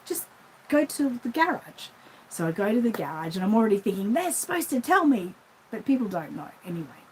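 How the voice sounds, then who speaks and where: A woman's voice: medium pitch, very animated, quick pace, a little mellow, a little hiss or hum, poor audio. Chatty Australian woman telling a story. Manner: chatty, rambling, acts out the voices in her anecdotes. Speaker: reborn doll shop owner. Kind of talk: casual storytelling vlog.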